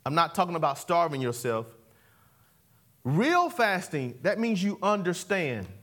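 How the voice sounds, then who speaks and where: A man's voice: high-pitched, fairly bright tone. A man preaching a sermon, calling for responses and repeating key words. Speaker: pastor. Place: church sanctuary.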